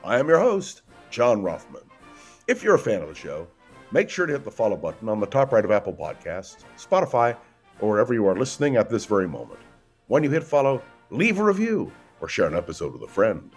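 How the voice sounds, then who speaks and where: A low-pitched man hosts a solo political podcast. His delivery swoops up and down, and he sets up each point with pauses and pointed questions. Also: huge pitch swings, breathy edge, faint music behind. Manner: emphatic, questioning commentary with dramatic pauses. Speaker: political talk show host.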